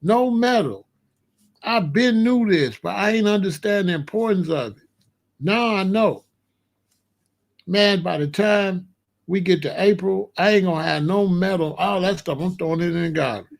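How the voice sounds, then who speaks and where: A man in a casual monologue, talking in a slangy, emphatic way and reacting with animated disbelief. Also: high voice, normal speed, gravelly. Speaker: vlogger.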